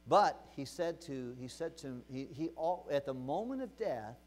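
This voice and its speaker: Animated preaching pastor, lively pitch. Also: male voice, measured pace. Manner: animated, swings between loud emphasis and quiet retelling. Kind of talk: sermon storytelling.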